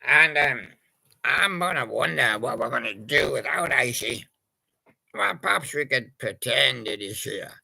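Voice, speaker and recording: Brief: gravelly, bright-edged male storyteller, slow and meandering. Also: mid-range voice, animated. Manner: rambling and hesitant, full of pauses. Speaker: toy-story narrator. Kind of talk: casual improvised storytelling with toys.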